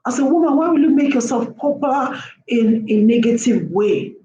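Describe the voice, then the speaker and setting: A woman's voice: sits high, expressive, normal speed, warm tone, dull audio. Impassioned woman lecturing, roomy echo. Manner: lecturing, with repeated rhetorical questions. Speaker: vlogger. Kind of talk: impassioned opinion monologue. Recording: roomy echo, faint background hum.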